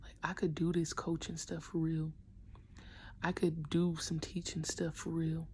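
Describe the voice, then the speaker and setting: A young woman who coaches basketball speaks in a deep voice, a bit on the slow side, with some faint hiss or hum. Her vlog talk is casual and slangy, frequently dropping to a half-whisper, and she animatedly imitates kids' voices.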